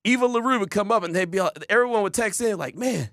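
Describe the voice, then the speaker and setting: A man hosting a sports talk radio show, telling stories in a casual, animated way and acting out the people he quotes. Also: high voice, quick pace, no echo, clean studio sound. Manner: animated storyteller, shouts quoted voices.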